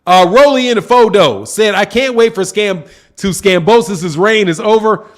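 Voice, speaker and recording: A man's voice: high-pitched, moderate pace. A man hosting a boxing channel, chatting casually to his live chat in slang, repeating himself for emphasis. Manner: slangy, repetitive, talks to chat. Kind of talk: casual livestream commentary.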